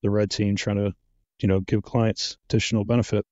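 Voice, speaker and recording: A man's voice: fairly low pitch, level tone, fairly quick, a little mellow, dry recording, muffled recording. A man answering interview questions as a guest, laid-back and hesitant, with lots of "uh" and "you know". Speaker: guest, penetration tester.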